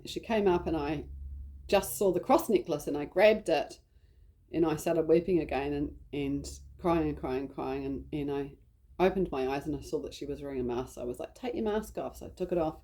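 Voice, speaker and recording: A woman's voice: low voice, mellow. A woman with a New Zealand accent telling a personal story in a chatty, rambling way. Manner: chatty, rambling, heavy use of "like". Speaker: vlogger.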